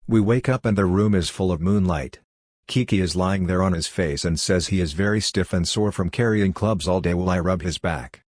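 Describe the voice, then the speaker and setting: A man slowly reading his own literary fiction aloud in a deadpan, fragmented recitation. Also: low-pitched, no echo, studio quality.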